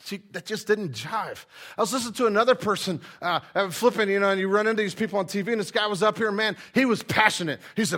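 A man preaching a sermon in a loose, conversational style. His voice sits high for a man and has a bright, forward edge, and he talks easily and informally. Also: animated, quick pace. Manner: casual, chatty preaching with frequent fillers. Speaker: pastor.

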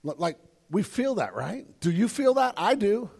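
Pastor guy preaching, gravelly, kinda high voice, long echo in the hall. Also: very animated, moderate pace, a little mellow. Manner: earnest, repeats words, builds to emphatic peaks. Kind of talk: sermon. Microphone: handheld or stage microphone.

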